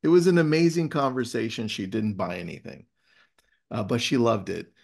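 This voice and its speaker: A man hosts a casual webinar, swinging into lively stories and reading passages aloud. His voice sits at an everyday pitch with a gravelly rasp running through it. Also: normal speed. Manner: animated storyteller, reads passages aloud. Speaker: webinar host.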